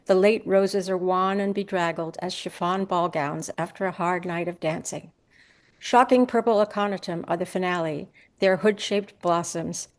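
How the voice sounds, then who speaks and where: A woman reading a personal essay aloud at a live event, crisp and brisk, brightening when she quotes people. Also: on the low side. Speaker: essay reader.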